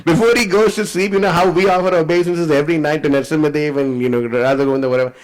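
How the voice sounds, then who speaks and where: A man with a fairly high voice, teaching a scripture class in an animated, chatty way. He retells the story loosely and keeps dropping in "you know." It sounds like casual, devoted storytelling. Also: racing, rough recording. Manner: animated, conversational, many fillers. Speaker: preacher.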